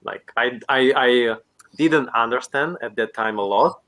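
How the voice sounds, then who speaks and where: A man's voice: mid-range voice, a bit bright. A man practicing English in casual conversation. He searches for words, stumbles and restarts his phrases as he goes. The sound is that of a simple video-call microphone. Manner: hesitant, halting, frequent restarts. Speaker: English learner. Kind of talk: casual chat.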